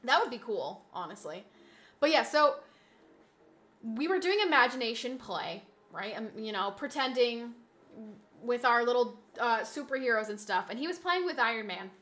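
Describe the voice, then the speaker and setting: A woman streaming from home, her voice high and lifted above most, chatting casually with her viewers. She rambles through stories, starting sentences over and repeating herself as she goes. Her tone is bright and forward, picked up on a desk mic. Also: expressive, moderate pace. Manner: rambling storytelling with many restarts and repeats. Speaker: live streamer. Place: indoors at home streaming setup.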